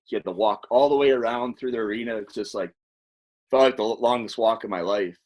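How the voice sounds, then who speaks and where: A man with a somewhat low voice tells long, rambling stories in a loose, casual way. He swears freely as he talks, like a podcast guest recalling his playing days. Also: a little fast, slight background noise. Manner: rambling, profane, animated storyteller. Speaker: podcast guest, former hockey player. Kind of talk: casual storytelling.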